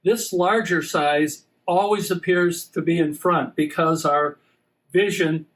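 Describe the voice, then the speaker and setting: Man calmly explaining science. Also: on the high side, slow, low-quality recording. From USA. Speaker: science presenter.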